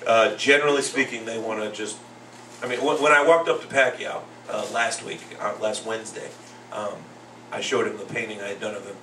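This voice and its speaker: A man's voice: on the low side, a little fast. A man hosting a casual boxing talk show, telling stories and acting out what others said. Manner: animated storyteller, acts out quotes. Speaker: podcast host and second grade teacher. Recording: roomy echo, far from the mic, faint noise.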